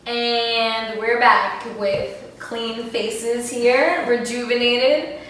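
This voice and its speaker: A woman's voice: on the high side, drawn-out words, slight background noise. A woman hosting a casual chat, animatedly telling a story and acting out what people said. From United States. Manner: animated storyteller, acts out quotes. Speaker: podcast host. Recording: echoey room, distant mic.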